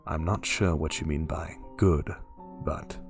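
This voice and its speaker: Guy doing a worried older liverpool man, low hushed voice, grave half-whisper, spooky story. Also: fairly even intonation, unhurried, vocal fry, music in the background, full character voice. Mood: hushed warning. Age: 50s. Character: quiet older man in his late fifties, worried.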